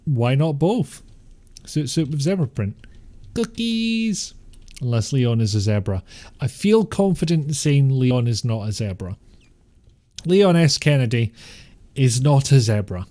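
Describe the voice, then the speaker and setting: A man's voice: medium pitch, lively intonation, unhurried, mellow. Joking male game streamer. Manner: joking, rambling, swears often. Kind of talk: casual gameplay commentary.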